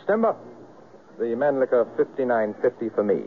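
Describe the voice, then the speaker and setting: An actor playing a cool, laconic big-game hunter in a 1970s radio drama, with a dry, clipped delivery. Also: male voice, mid-range voice, sing-song, moderate pace, slight background noise, close to an everyday voice. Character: cool, cocky white hunter turned bewildered man. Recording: tinny lo-fi radio broadcast.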